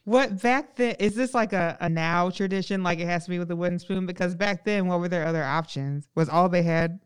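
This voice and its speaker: A woman's voice: on the low side, fairly quick, clear, resonant tone. A woman co-hosting a casual chat, who is curious, asks questions and jokes around. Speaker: podcast co-host.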